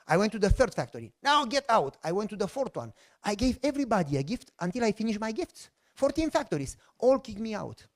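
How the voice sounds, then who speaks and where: A man's voice: high voice, fast. A middle-aged man with a Romanian accent, a pastor telling a personal testimony in a sermon, acting out the voices in the story. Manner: animated storyteller who acts out voices.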